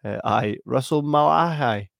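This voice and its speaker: A Scottish man co-hosting a podcast, chatting about a film in a relaxed way and laughing a lot. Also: mid-range voice, unhurried, vocal fry, no echo, muffled recording. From Scotland. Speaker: podcast co-host. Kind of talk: casual film chat.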